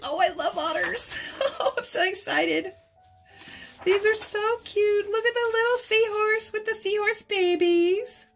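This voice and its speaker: High-pitched gushing woman. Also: expressive, measured pace, gravelly. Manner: gushing, coos and giggles. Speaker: craft channel host. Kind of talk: unboxing vlog chat.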